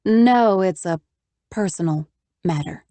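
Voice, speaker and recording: A woman narrator plays a persistent young woman whose speech is crisp and businesslike, a little higher than the narration. The reading is close and completely dry. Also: slow, mellow, no room sound, lightly acted. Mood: determined. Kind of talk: audiobook character voice.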